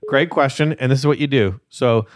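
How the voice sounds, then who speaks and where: A man hosting a podcast, teasing callers with deadpan jokes in casual chat. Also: mid-range voice, a little hiss or hum. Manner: deadpan teasing, quick asides. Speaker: podcast host.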